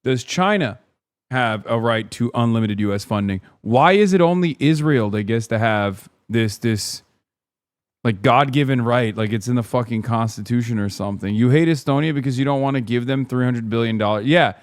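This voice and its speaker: A man's voice: mid-range voice, moderate pace, clean tone, dry recording. A man ranting through a casual livestream reaction, swearing and mocking the comments on a video. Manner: profane, animated ranting.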